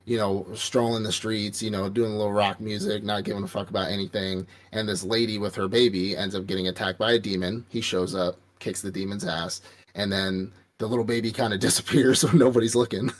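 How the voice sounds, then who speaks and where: A man's voice: on the low side, steady tone, a little fast. A man casually recapping an anime on a podcast, rambling and profane, acting out quotes from the characters. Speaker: podcast co-host. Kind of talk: casual anime review chat.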